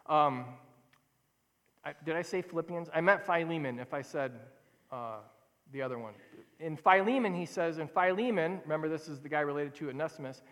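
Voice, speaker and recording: Animated high-voiced male preacher in reverberant hall. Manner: conversational, animated, self-correcting. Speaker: pastor. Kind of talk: sermon.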